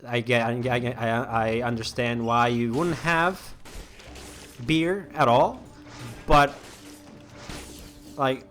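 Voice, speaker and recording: Rambling, slow-talking gamer guy. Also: medium pitch, fairly even intonation, a bit bright, soft background music. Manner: rambling, many restarts and fillers, chatty asides. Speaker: gaming channel host. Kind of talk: casual let's-play commentary.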